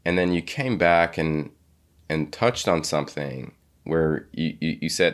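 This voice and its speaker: A man hosting a podcast interview, talking in a halting way with many restarts and repeated words. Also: rumbling low, animated. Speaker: podcast host. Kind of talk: casual interview chat.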